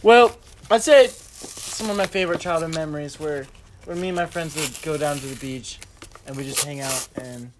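A man's voice: fairly high pitch, moderate pace, background noise. A man guesting on a podcast, talking in an easygoing, casual way. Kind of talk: casual chat.

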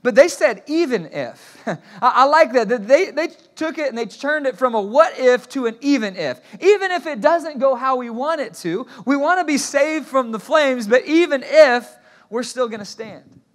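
Male pastor, sermon delivery, high bright voice, animated storyteller with frequent restarts. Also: normal speed. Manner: asks the congregation to repeat phrases.

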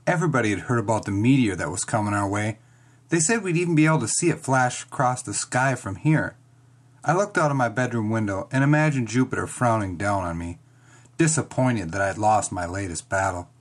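Expressive children's book reader. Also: mid-range voice, fairly quick. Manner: expressive, dramatic storytelling. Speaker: audiobook reader. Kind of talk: children's chapter book reading, first person.

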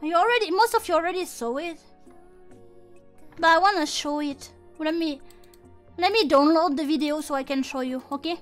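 A woman streaming casual chat to her viewers, playful and excitable, with non-native English phrasing. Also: high voice, moderate pace, pauses often, faint music behind. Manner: playful, excitable, slips into mock outrage. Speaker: VTuber streamer.

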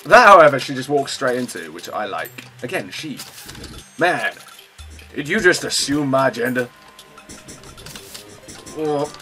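A man giving chatty, self-mocking let's play commentary at his computer, breaking into sudden excited outbursts. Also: medium pitch, unhurried, pauses often, faint music behind. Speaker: gaming channel host.

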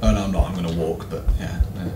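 A man's voice: sits low, fairly even intonation, fast, reverberant, heavy background noise. A young man commenting on a horror game as he plays, jumpy and frustrated, swearing often. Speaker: gaming video host.

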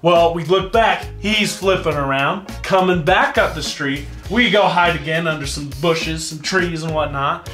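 On an indoor set, eating spicy wings as a guest on an interview show, an American man tells a long, rambling story with laughs. His voice is on the high side and a bit bright, a little slow with few pauses, in a roomy space with faint music.

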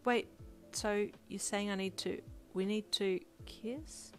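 A woman's voice: mid-range voice, steady tone, slow, faint music behind, natural voice. A woman playing a shy, stammering teenage girl. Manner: bashful, stammering.

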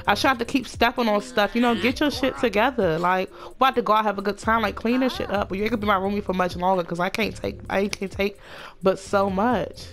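A woman's voice: mid-range voice, steady tone, fast talker, a bit bright. A woman giving casual, sassy, profane let's-play commentary. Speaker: gaming channel host.

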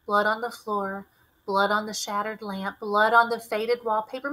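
A woman teacher reading a novel aloud with expressive, fluent narration. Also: mid-range voice, moderate pace, poor audio.

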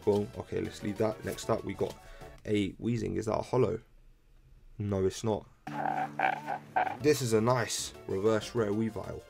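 A young man, chatting casually to viewers while opening trading cards, excitable and full of slang. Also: on the low side, unhurried, gravelly, long pauses, soft background music. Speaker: card-opening video host. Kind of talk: casual card-opening commentary. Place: room at home. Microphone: laptop camera.

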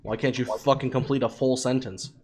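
A man's voice: mid-range voice, fairly even intonation, fairly quick, darkish tone, a little hiss or hum. A man streaming an online shooter, talking in voice chat in a sarcastic, mocking and bossy way. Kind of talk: in-game voice chat.

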